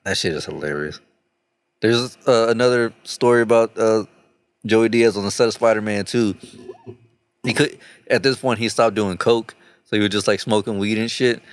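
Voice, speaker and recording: A man's voice: fairly low pitch, normal speed, clean tone, no echo. A man co-hosting a comedy podcast, telling rambling, profane stories in casual chat. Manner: profane, rambling storytelling with laughs. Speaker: podcast co-host.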